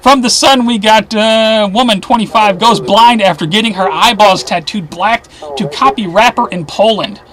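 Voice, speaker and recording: A man with a fairly high voice runs through the week's headlines in a casual commentary style. He tosses in sarcastic remarks and often sinks into a low mutter under his breath. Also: normal speed, few pauses, fairly bright tone. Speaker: host of a weekly news roundup.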